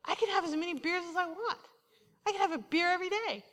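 A woman delivers a sermon with a high, bright voice, slipping into the voices of people from her stories. Her words ring out with a long church-hall reverb behind them. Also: fast talker. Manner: animated storytelling, quoting herself and others. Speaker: preacher. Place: church sanctuary.

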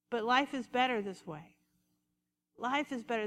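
A woman preaching a conversational, animated sermon, acting out little asides as she goes. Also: a little high, normal speed, long reverb tail.

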